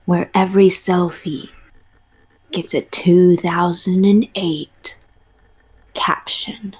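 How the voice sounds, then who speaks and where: A woman's voice: fairly low pitch, fairly even intonation, takes it slowly, husky. A woman on a game stream giving a playful, theatrical mock movie-trailer narration, dropping into whispers and laughing between phrases. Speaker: stream co-host.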